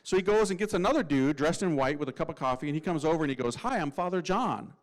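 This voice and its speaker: A man who is a Catholic priest, telling a humorous testimony in a lively, slangy way and acting out the voices of people in his story. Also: on the high side, very fast, rough recording.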